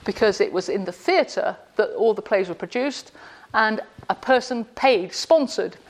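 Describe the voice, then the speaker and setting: In an indoor room before a live audience, a woman with a medium-pitched, unhurried voice gives a joke-filled classroom lecture. She is sarcastic and keeps quizzing her listeners.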